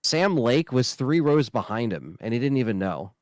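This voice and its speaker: A man's voice: mid-range voice, sing-song, moderate pace, a little mellow, no room sound, clean studio sound. A man co-hosting a casual gaming podcast, easygoing and hesitant, often restarting his sentences. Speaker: podcast co-host.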